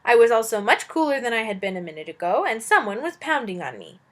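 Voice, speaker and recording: A woman's voice: on the high side, big pitch swings, fast talker, a bit bright. A woman teacher reading a children's novel aloud expressively, adding chatty asides to her listeners.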